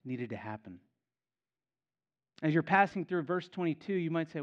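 A man's voice: on the high side, lively intonation, moderate pace. Man, pastor, sermon, emphatic repetition, muffled lo-fi sound. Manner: emphatic, repeats key phrases for effect.

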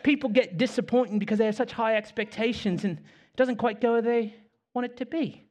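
A man's voice: very high voice, brisk, darkish tone, dull audio, pitched above the performer's own voice. A man putting on a glum British bloke. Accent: British, imitated. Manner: gloomy, weary complaining.

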